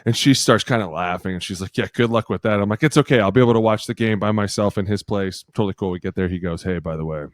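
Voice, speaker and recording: A man in his thirties, a former football lineman and podcast co-host, telling stories with excitement, swearing and acting out what people said. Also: fairly low pitch, fast talker, hardly any pauses, dry recording. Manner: excitable storyteller who swears and acts out quotes. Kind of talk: casual chat.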